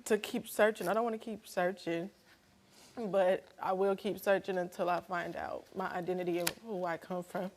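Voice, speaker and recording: A woman's voice: on the low side, level tone, moderate pace. A woman, a talk show guest, speaking earnestly and emotionally in short phrases. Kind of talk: casual talk show conversation.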